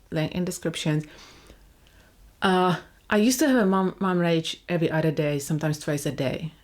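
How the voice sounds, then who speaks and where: Lowish-voiced woman vlogging about parenting. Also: darkish tone. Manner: reflective, with frequent restarts and fillers. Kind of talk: casual talk to camera.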